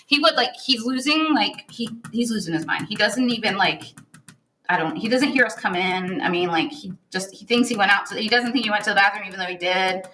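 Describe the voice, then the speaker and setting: A woman's voice: mid-range voice, a little fast, pushed and bright, a little hiss or hum, low-quality recording. A woman co-hosting a crafting livestream, chatting casually and laughing as she works, full of "like" and "oh my gosh.". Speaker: co-host of a stenciling livestream. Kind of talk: casual chat while crafting.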